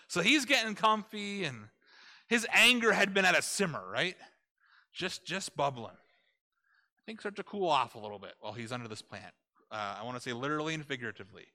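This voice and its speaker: A male preacher tells a story in a casual, conversational way, his voice very bright and cutting. His pitch sits a bit high and swings widely, and he keeps turning to his listeners with rhetorical questions. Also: lively intonation, brisk.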